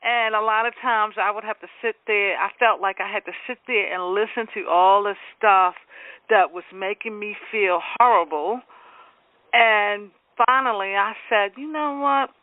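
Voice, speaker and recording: A woman's voice: medium pitch, fairly even intonation, normal speed, dry recording. Agreeable woman host, tinny radio sound. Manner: agreeable, with frequent affirmations. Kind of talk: casual radio talk.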